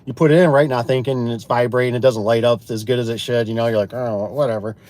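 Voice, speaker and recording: A man's voice: medium pitch, fairly even intonation, fast talker, a little mellow. Folksy man telling shop stories. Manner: rambling, folksy, acts out both sides of conversations. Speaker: garage door installer and business owner. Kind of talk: casual storytelling to viewers.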